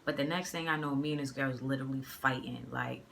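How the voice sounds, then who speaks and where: A young woman from the area, telling a personal story in a casual, slangy, animated way on a phone mic. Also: rumbling low, fast talker, creaky, slight background noise. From Boston area. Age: young adult. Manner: animated, slangy, acts out the dialogue. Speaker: vlogger.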